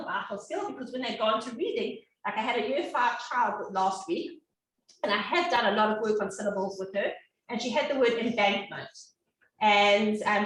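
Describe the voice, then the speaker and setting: Woman, reading specialist, bright high voice, very reverberant room. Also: a little hiss or hum. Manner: animated, demonstrates sounds for children. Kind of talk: educational talk. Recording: echoey room, distant mic.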